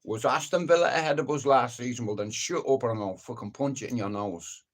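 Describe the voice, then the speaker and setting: A middle-aged man speaks at an ordinary, mid-range pitch, hosting a live stream. He rants in a blunt, opinionated way, swearing freely and rambling from one point to the next. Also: fairly quick. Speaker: livestream host. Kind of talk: casual live-stream rant.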